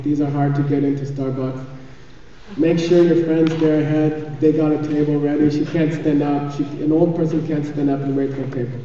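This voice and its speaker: A man's voice: on the high side, mellow, a little hiss or hum. Man teaching in an echoey hall. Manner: chatty and joking, keeps checking in with "okay?". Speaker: spiritual teacher. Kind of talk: live dharma teaching. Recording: echoey hall, far from the mic, dull sound.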